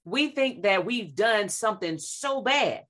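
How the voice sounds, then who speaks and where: A woman, sharing devotional reflections and quoting scripture in a lively, conversational preaching way. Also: mid-range voice, unhurried. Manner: animated, quotes scripture, acts out voices. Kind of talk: faith talk, conversational preaching.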